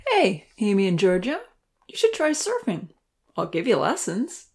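A woman's voice: medium pitch, wildly swooping pitch, measured pace, exaggerated voice. A woman voicing a confident, protective boy in a storybook reading, talking earnestly and encouragingly.

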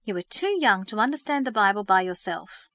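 A woman's voice: mid-range voice, lively intonation, fairly quick, fairly bright tone, dry recording, clean studio sound, lightly acted. A woman voicing a tired, stern middle-aged mother in a read-aloud story, scolding and a little flustered. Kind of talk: storybook character reading.

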